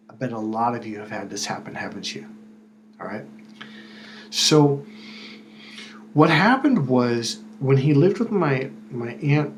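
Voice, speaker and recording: A man's voice: medium pitch, animated, normal speed, long pauses. Male self-help coach, chatty and unscripted, slips into quoted voices, faint noise underneath. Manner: conversational, repeats words, acts out quoted voices. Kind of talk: casual spoken advice monologue.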